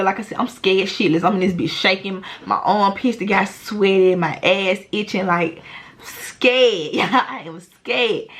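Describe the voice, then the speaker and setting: Young woman vlogging a storytime, cussing a lot, super animated, slangy. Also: medium pitch. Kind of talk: casual storytime vlog.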